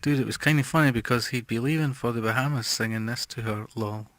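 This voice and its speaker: Quiet mumbling man streaming. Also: medium pitch, fast, dry recording. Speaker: music streamer. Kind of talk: casual chat reading viewer comments.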